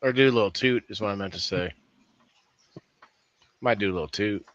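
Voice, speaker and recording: A man's voice: on the low side, brisk, a bit bright, dry recording. A man co-hosting a podcast, rambling and joking loosely in casual chat. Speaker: podcast co-host. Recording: dull lo-fi online call audio.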